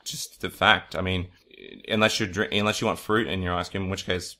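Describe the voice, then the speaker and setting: A man's voice: deep voice, fairly even intonation, a little fast, sharp tone. A young man co-hosting a podcast, chatting casually, blunt and swearing, joking with animation. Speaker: podcast co-host. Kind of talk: casual recap chat.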